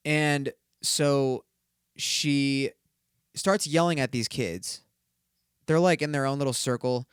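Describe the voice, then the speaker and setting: A man's voice: medium pitch, takes it slowly, pauses often, smooth, no echo, clean studio sound. A young man hosting a solo podcast, telling a story in a rambling, profane way, full of fillers. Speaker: podcast host.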